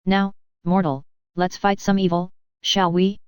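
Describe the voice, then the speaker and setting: Lady doing a young girl playing fire demon, bossy old-timey talk, low-ish and super clean. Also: little pitch movement, unhurried, smooth, no echo, dull audio, natural voice. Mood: grandiose. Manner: grandiose, archaic, self-important. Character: theatrical young woman posing as a fire demon. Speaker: audiobook reader. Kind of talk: reading character voice lines.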